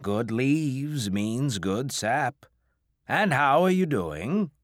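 A man voicing a huge, taciturn old farmer who speaks in a slow New England drawl. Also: mid-range voice, sing-song, no room sound, studio quality, voice pushed up.

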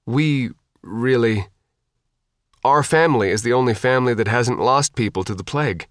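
A man's voice: mid-range voice, normal speed, no echo, studio quality, natural voice. A man reading the part of a young woman boat captain, firm and commanding. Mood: bossy.

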